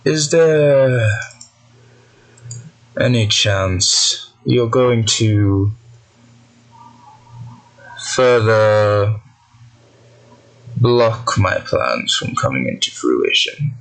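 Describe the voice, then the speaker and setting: A man voicing a cold, precise, stern mysterious presence that speaks slowly and asks probing questions. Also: on the low side, lively intonation, exaggerated voice, low-quality recording. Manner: slow, measured, probing questions.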